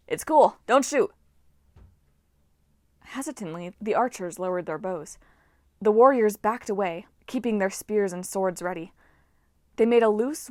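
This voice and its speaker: Woman narrator for a story reading, expressive, mid-pitched, dry close mic. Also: no echo. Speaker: audiobook reader.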